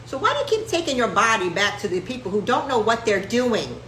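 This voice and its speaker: A woman talks sarcastically and with plenty of attitude to her live-stream viewers, her high voice swinging up and down. The sound has a roomy echo. A faint noise hum sits underneath. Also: fairly quick. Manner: brash, sarcastic, animated. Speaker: host; chiropractor.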